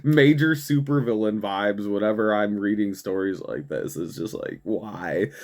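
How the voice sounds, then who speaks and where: A man's voice: on the low side, a little slow, darkish tone. A young man hosting a show, ranting profanely through political commentary with frequent laughs and mockery. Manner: profane, laughs often, mocking. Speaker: show host.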